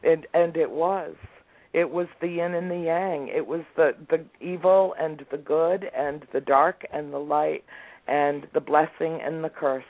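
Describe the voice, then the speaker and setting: A woman's voice: sits low, measured pace, dry recording. A woman in her sixties, a guest telling family stories in an interview, acting out what her relatives said. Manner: animated storyteller, acts out family members' lines. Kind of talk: storytelling in a remote interview. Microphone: phone or call line. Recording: tinny, dry phone-line audio.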